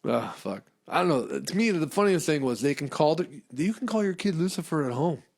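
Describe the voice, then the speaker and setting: A man's voice: a little high, sing-song, a little fast, vocal fry. A man hosting a comedy podcast, rambling through a casual monologue full of fillers and swearing. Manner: rambling, profane, many fillers.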